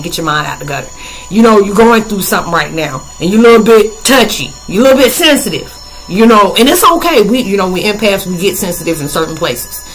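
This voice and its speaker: An animated woman talks straight to her listeners in a relaxed, chatty flow. She jumps into high voices and drops into low, quiet asides as she acts out little back-and-forths, with faint music behind her. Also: low-quality recording. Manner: chatty, animated, acts out both sides of conversations. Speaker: podcast host. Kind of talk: casual spiritual talk to listeners.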